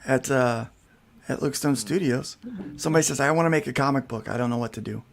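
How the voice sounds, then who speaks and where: Man, podcast host, gravelly voice, reads headlines then jokes, casual studio chat. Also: mid-range voice, fast, a little hiss or hum. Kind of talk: casual chat, reading news.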